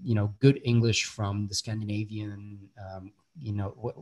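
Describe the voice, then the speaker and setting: Earnest Bulgarian-born actor, chatty guest. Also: male voice, on the low side, flat delivery, normal speed, darkish tone. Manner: earnest, many restarts and fillers. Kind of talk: casual interview chat.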